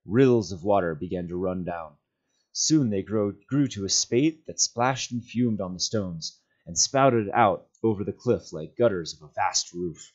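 A man reading a novel aloud as a volunteer, with steady, measured storytelling. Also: low-pitched. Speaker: volunteer reader. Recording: dull lo-fi sound.

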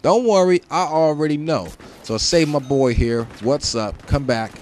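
A man giving casual gameplay commentary, joking and trash talking, swinging between shouts and mutters. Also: medium pitch, moderate pace, few pauses, slight background noise. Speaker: gaming commentator. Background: game gunfire and explosions.

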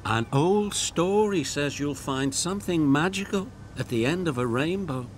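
A man voicing a wise older engine in a cartoon storybook, speaking slowly. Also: a little high, lively intonation, soft background music, natural voice. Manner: slow, wise.

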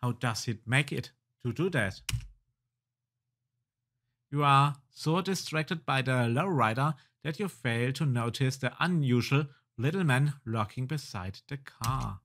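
A man's voice: mid-range voice, measured pace, a bit bright. A man hosting a let's play, reading game text aloud and muttering casual reactions.

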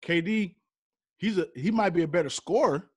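A slightly high-voiced man from the Bay Area argues basketball in relaxed banter, teasing and animated, his voice jumping up when he objects. The sound is dry and close, with no room around it. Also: moderate pace, husky, no echo. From San Francisco Bay Area. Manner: animated, teasing, rising to loud protests. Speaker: podcast guest. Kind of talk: casual sports debate.

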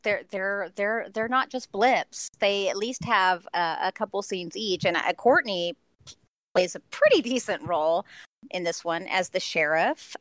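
A woman's voice: mid-range voice, expressive, a little slow, fairly bright tone, no echo. A woman reviewing a film on a podcast in casual chat, enthusiastic and gushing, often laughing between thoughts.

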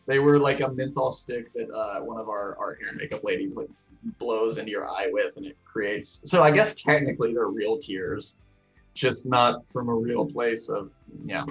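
A man's voice: lowish voice, normal speed, soft background music. Chatty young man, slightly dull audio. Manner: chatty, self-deprecating, thinks out loud. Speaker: actor answering trivia. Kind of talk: casual trivia chat.

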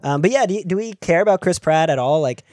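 A man's voice: on the high side, animated, a little fast, darkish tone, dry recording, clean studio sound. A man co-hosting a comedy podcast in a loose, rambling way, full of fillers and restarts and laughing mid-thought. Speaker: podcast co-host. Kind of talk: casual comedic chat.

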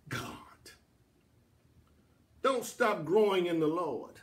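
A man preaching a sermon as pastor in a church, building to shouted, repeated lines. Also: sits high, animated, moderate pace.

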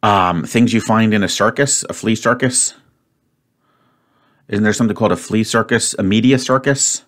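A man solving a word puzzle out loud, thinking aloud and muttering to himself. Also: fairly low pitch, moderate pace. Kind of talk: solo puzzle-solving commentary.

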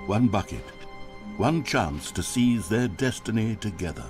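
A male narrator of a video game telling the story in a dry, wry way, his pitch rising and falling expressively. Soft music plays beneath his voice. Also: animated, unhurried.

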